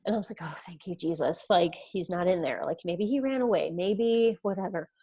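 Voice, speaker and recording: Earnest woman guest, slightly low voice. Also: normal speed, dark tone, husky. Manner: earnest, retells events with quoted dialogue. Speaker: podcast guest. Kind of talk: personal storytelling in an interview.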